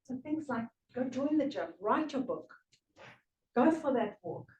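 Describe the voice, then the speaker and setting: A woman from South Africa with a South African accent, slightly British-tinged, giving a prepared speech at a speaking club, earnest with emphatic pauses. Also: high voice, animated, darkish tone, lo-fi sound. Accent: South African English with a slight British tinge. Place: meeting room. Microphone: room recording from a distance. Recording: echoey room from far off.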